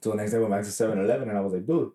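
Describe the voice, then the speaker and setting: Podcast co-host, male, low mellow voice, rambling profane storyteller, echoey room. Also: racing. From Mexican heritage. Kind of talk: casual chat.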